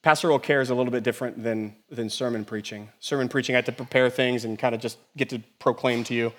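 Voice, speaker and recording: A middle-aged pastor with a medium-pitched voice preaches a fast, animated sermon, swinging between loud and hushed and peppering the congregation with rhetorical questions.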